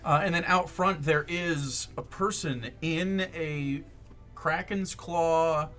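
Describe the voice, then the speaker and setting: A man's voice: fairly high pitch, slow pace, sharp tone, soft background music. A man narrating a tabletop game as game master, casual and profane, with many ums and likes.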